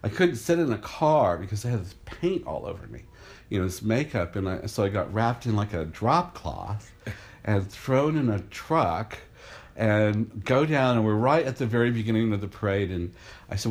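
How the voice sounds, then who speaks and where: An older man with a low voice tells a story from his past, and his pitch jumps around as he acts out the shouting crowd. He gasps, puts on other people's voices and talks with real animation. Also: animated, moderate pace. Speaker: artist. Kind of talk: storytelling anecdote.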